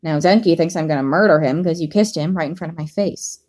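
A gruff, hot-tempered young man as a woman reading the story puts him on, dropping low and growling in short, exasperated bursts. Her own voice sits fairly low to start with. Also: fast talker, a little mellow.

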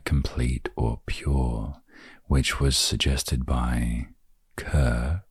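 Male podcast host, voice extremely low and breathy, slow and musing, close and dry with no room sound. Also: no echo. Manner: soft, unhurried and reflective, trailing into near-whispers. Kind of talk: calm solo podcast, reading aloud and musing.

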